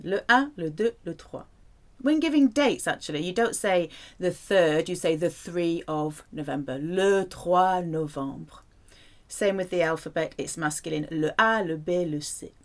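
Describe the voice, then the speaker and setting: A woman teaching a French lesson in a playful way, saying the French words slowly and clearly. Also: mid-range voice. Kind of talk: language lesson to camera.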